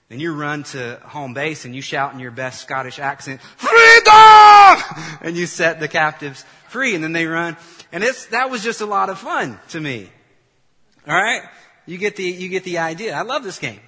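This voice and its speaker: A male pastor delivers an animated sermon in a bright, somewhat husky voice. His words ring out with a long reverb in a church hall. He draws the congregation in, asking them to repeat lines back to him. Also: fairly high pitch.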